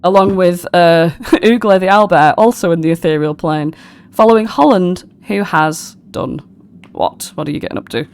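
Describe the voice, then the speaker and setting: A woman narrating a tabletop game as game master, chatty and quick to laugh. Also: lowish voice, a little mellow, clear, resonant tone. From United Kingdom. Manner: giggly, chatty, casual.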